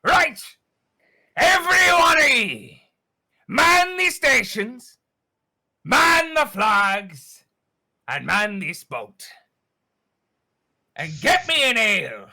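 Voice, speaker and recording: A man voicing a bitter, bellowing male pirate captain who shouts orders and then sinks into low self-pity. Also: sing-song, extremely slow, pauses often, heavily acted.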